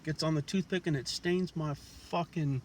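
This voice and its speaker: With a voice on the high side, a steady tone and normal speed, a man vlogs outside the house he's showing off. He chews a toothpick through a casual, blunt, profane monologue thick with street slang, and there's a slight hiss or hum.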